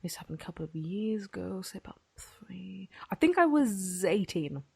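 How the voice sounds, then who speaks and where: A woman's voice: medium pitch, sing-song, normal speed, gravelly, warm tone, husky, dry recording, clean studio sound. A woman in her early twenties chatting casually, telling a vivid, sweary story and acting out the dialogue. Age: early 20s. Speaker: podcast host.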